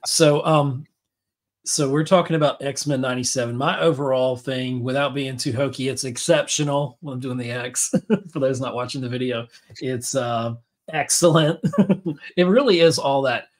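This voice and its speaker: A man's voice: mid-range voice, normal speed. A man hosting a podcast, talking in a rambling, enthusiastic way with many fillers and restarts. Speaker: podcast host. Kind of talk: casual chat.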